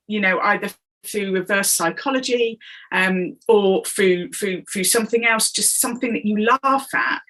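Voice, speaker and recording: A woman's voice: fairly high pitch, low-quality recording. A woman, a coach and comedian, talking as a guest in an interview and acting out the voices she quotes. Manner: animated storyteller who acts out quoted voices. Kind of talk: conversational interview.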